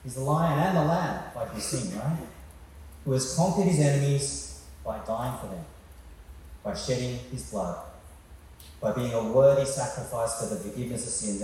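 A man preaches a sermon to a church hall, chatty and full of questions for his listeners. His voice is mellow and dark. It is recorded from far off in a very echoey hall with faint background noise. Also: mid-range voice. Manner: conversational, asks the congregation questions.

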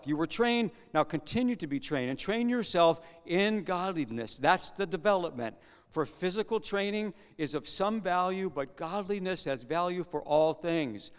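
A man's voice: sits high, clean tone. A man preaching a conversational sermon as a pastor, asking his listeners rhetorical questions. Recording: long hall reverb.

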